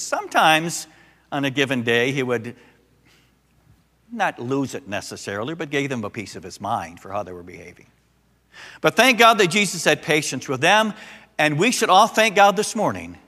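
Older pastor preaching in an echoing hall. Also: male voice, mid-range voice. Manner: animated storytelling, acting out quoted voices. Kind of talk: sermon.

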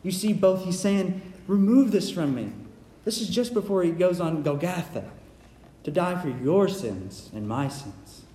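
A man's voice: high-pitched, a little slow, mellow. A man preaching a sermon in an earnest, repetitive way, often stumbling and restarting his sentences. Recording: echoey hall, faint ambience.

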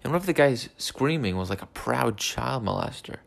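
A man's voice: medium pitch, lively intonation, moderate pace, creaky, no echo. A young man in a rambling casual monologue, ranting with swearing and lots of fillers. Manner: meandering, profane ranting with many fillers. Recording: faint background noise.

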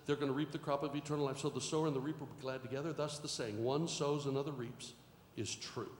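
A middle-aged male pastor preaching a sermon, moving from quiet storytelling to shouted exhortation. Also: mid-range voice, steady tone, fast talker. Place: church sanctuary. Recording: echoey hall with faint noise.

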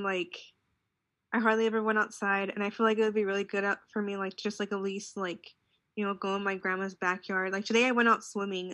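Recorded in studio quality with no room sound, a young adult woman with a medium-pitched voice chats casually. As a podcast co-host, she's relaxed and rambling, leaning heavily on "like."

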